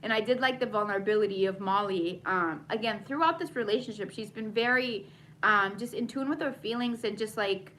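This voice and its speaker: A woman's voice: medium pitch, a little fast, fairly bright tone, a little hiss or hum, low-quality recording. A woman vlogger recapping a TV episode in a casual, chatty way, with many fillers, answering viewer comments as she goes.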